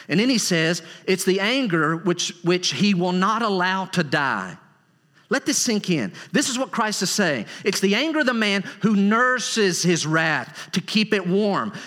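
A man preaching a sermon as a pastor, emphatic and rising into high, excited bursts. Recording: long reverb of a large hall.

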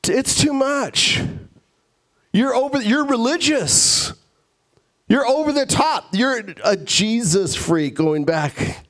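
A man putting on a hungry holiday dinner guest with a whiny voice pitched way up and a drawn-out, exasperated complaint. he is impatient to eat and fed up with long prayers.

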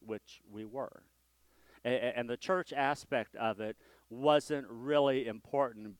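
A man's voice: medium pitch, smooth, no echo. A male senior pastor giving a conversational, self-deprecating sermon from a church sanctuary, with frequent restarts.

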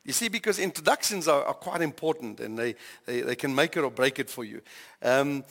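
A man's voice: medium pitch, animated, fairly quick, a bit bright, big-room sound. An older man and grandfather, preaching a conversational sermon with many questions to his congregation. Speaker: pastor.

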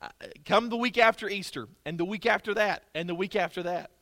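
A man's voice: high voice, fairly quick, a bit bright, no echo, clean studio sound. A man preaching a sermon as pastor, emphatic and conversational, repeating key phrases for stress.

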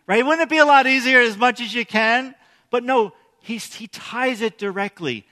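A man preaches in a high, bright voice, talking with the congregation more than at them. He asks them questions as he goes. The sound carries a long reverb from a church hall. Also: moderate pace. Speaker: pastor. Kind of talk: sermon.

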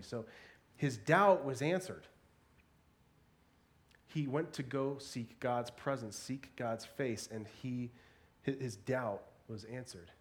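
A man's voice: medium pitch, slow pace, long pauses. A man preaching a sermon in a church, earnest and emphatic, swelling and dropping his voice for emphasis. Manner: earnest, varies pace and volume for emphasis. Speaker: pastor.

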